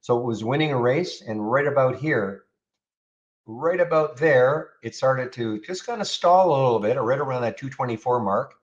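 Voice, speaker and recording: A man with a mid-range voice speaks at normal speed in an animated way, though the recording sounds muffled. He's hosting a live trading room, casually discussing charts, replying to viewers, and often repeating words as part of his live stream commentary.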